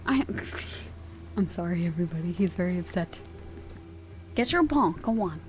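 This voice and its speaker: A woman streaming live ASMR, chatting casually and playfully, drifting between soft whispers and quiet talk from a home sound booth. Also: fairly low pitch, animated, normal speed, faint music behind.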